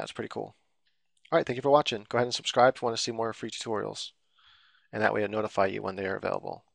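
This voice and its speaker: A man's voice: medium pitch, vocal fry, fairly bright tone, no room sound. A man giving a casual, rambling drawing tutorial while he works on screen, full of fillers and loose explanations. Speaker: drawing instructor.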